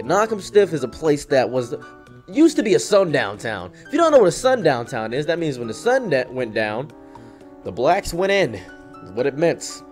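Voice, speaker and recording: A young man hosting a comedic storytime, delivering it in a deadpan, mock-dramatic way with wry asides. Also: fairly high pitch. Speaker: storyteller, channel host.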